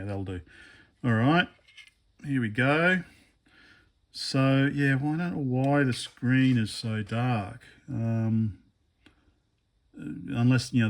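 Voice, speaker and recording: A man talks through a teardown of a gadget at an unhurried, deliberate pace, in a voice of ordinary middle pitch. He thinks aloud as he goes, hesitant and full of fillers and restarts. He mutters low-key asides while he works with his hands. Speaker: electronics hobbyist vlogger. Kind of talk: casual hands-on teardown commentary.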